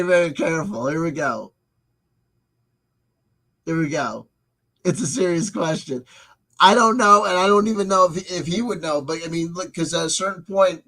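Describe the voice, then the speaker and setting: Rambling man with a somewhat high voice. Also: a bit bright, rough recording. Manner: meandering, self-interrupting, repeats words. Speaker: channel host reading live chat. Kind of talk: rambling livestream commentary.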